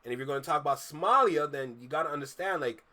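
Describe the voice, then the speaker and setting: A man's voice: fairly high pitch, fast talker, pushed and bright. A man with a Toronto accent, hosting a reaction video and giving emphatic, opinionated commentary that repeats its points. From Canada. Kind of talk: casual commentary over a clip.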